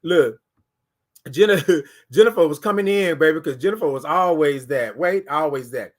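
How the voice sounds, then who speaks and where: At a moderate pace, a man with a high-pitched voice runs a relaxed morning livestream, engaging viewers animatedly and reading their comments back.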